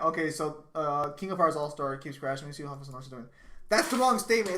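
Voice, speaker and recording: A man streaming live, chatting casually and excitedly, swearing often and breaking into laughter. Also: on the high side, quick pace, a little hiss or hum.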